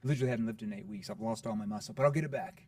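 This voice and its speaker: A man guest on a podcast interview, explaining sales in an energetic teaching way, often asking rhetorical questions like "right?". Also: medium pitch, racing, creaky, dry recording, clean studio sound, recorded from a distance.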